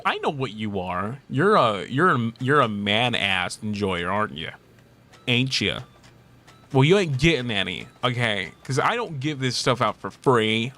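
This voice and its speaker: Man streamer, casual banter, teasing, laughs a lot, mid-pitched voice. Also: sharp tone, a little hiss or hum. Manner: playful, teasing, laughs often. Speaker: streamer reading chat. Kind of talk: casual chat.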